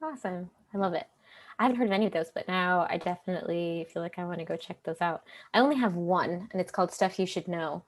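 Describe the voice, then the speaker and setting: A woman's voice: on the low side, quick pace. A woman hosting an interview, asking questions and reacting enthusiastically in a casual way. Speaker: host.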